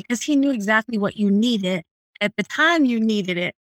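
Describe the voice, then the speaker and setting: A woman's voice: mid-range voice, moderate pace, no room sound. A woman hosting a faith podcast, responding with encouraging, faith-centered affirmations. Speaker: podcast host.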